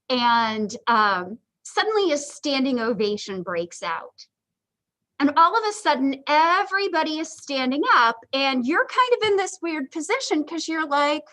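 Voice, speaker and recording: Chatty high-voiced woman lecturing. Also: a bit bright, rough recording. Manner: chatty, joking asides, lots of ums. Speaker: psychology instructor. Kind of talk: casual livestream lecture.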